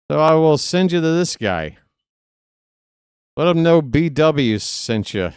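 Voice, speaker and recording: Baseball stream guy chatting with his viewers, slow easy talker, dead dry room, cracks little jokes. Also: mid-range voice, clean tone, no room sound. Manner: chatty, joking asides to viewers. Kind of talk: casual live-stream chat.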